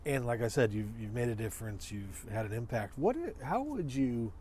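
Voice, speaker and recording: A man's voice: medium pitch, animated, moderate pace, darkish tone, slight background noise. A man hosting an interview, who asks long, rambling questions and encourages his guest. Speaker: interview host.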